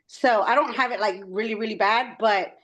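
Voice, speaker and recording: Texan woman, chatty, self-conscious, slightly high voice, video call. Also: normal speed. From Texas. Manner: chatty, self-conscious, mixes in Spanish words. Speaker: meetup attendee. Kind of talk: casual chat on a video call.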